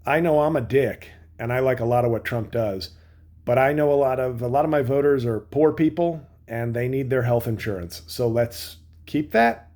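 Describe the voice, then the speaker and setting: A man's voice: mid-range voice, normal speed, a little mellow, lightly acted. A man mimicking a male senator who bluntly and sheepishly admits his faults. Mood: mock-candid. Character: male senator grudgingly admitting things, mock-candid.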